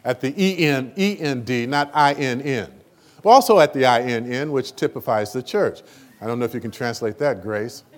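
A man preaching a sermon in a church meeting, animated and emotional, with sudden loud rises and halting repeated words. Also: mid-range voice.

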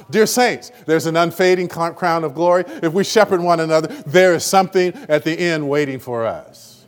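A man preaching a sermon in a church meeting, animated and emotional, with sudden loud rises and halting repeated words. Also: fairly high pitch.

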